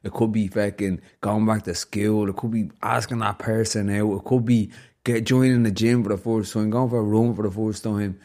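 A man's voice: fairly low pitch, fairly even intonation, normal speed, dark tone. A man hosting a casual podcast, reflective and fond of telling stories. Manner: storytelling, upbeat and reflective. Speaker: podcast host.

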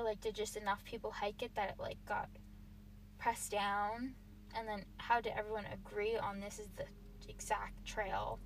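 Young female podcast host, casual and profane, "like" every few words, voice a bit high, faint hiss underneath. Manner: ranting, swears freely, fills nearly every phrase with "like". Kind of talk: casual solo podcast rant.

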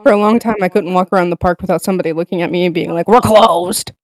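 A woman's voice: fairly low pitch, steady tone, rapid-fire, a little mellow, no room sound, studio quality. A young woman co-hosting a casual chat, sheepishly explaining herself and reminiscing.

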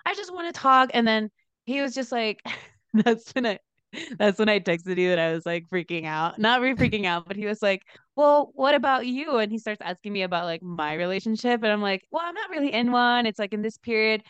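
A young woman co-hosting a podcast, telling a story in a chatty, animated way with lots of fillers. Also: fairly quick, clear, resonant tone, dry recording. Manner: animated storyteller, lots of "like", laughs into high pitch. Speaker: podcast co-host, dancer. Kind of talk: casual chat, storytelling.

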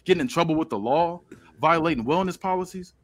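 A man's voice: a little high, expressive, quick pace, pitched above the performer's own voice, close to an everyday voice. A man voicing a bitter male wrestler who coldly blames his twin brother. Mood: accusing.

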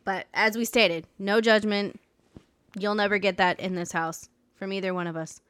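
A woman co-hosting a podcast in a Midwestern accent, with a smooth, clear voice. She speaks emphatically and with a sarcastic edge, and the recording is dry. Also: mid-range voice, fairly even intonation, moderate pace, fairly bright tone, no echo. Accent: Ohio Midwestern. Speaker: podcast co-host. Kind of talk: casual chat.

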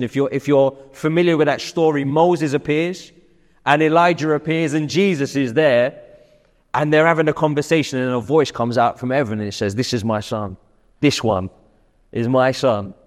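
A man preaching a sermon in an earnest way, often restarting and swinging between louder and softer passages. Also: medium pitch, long reverb tail. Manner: earnest, with frequent restarts and shifts between loud and quiet. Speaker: pastor.

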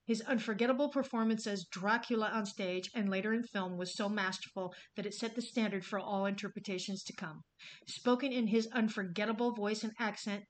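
A woman hosting a podcast, telling film history in a casual, enthusiastic way with some swearing. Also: medium pitch. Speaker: podcast host.

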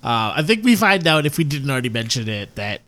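A man co-hosting a casual podcast, recapping a TV plot haltingly, with lots of fillers and restarts. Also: medium pitch, big pitch swings, bright, forceful tone. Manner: halting, loses his thread, lots of fillers.

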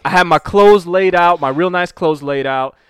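A young man co-hosting a casual podcast, telling an animated story with quick asides into a close mic. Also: sits high, clean tone, no room sound. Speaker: podcast co-host. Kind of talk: casual chat.

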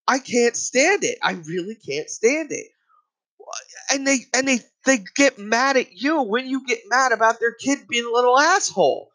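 High-voiced man in a profane angry rant. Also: animated, moderate pace, sharp tone, poor audio.

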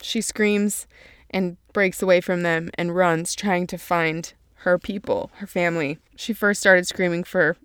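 A woman's voice: fairly low pitch, steady tone, a little slow, a bit bright, clean tone, dry recording, studio quality. A woman reading passages from a novel and retelling the story, emotional and crying as she goes. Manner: emotional, tearful at moments. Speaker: book summary reader. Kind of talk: reading and summarizing a novel aloud.

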